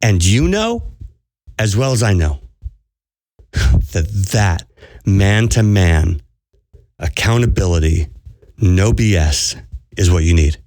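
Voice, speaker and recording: A man's voice: low-pitched, big pitch swings, slow, pauses often, darkish tone, no echo, clean studio sound. A man hosting a podcast as a spiritual coach, preaching to listeners in an earnest, urgent way and repeating phrases for emphasis.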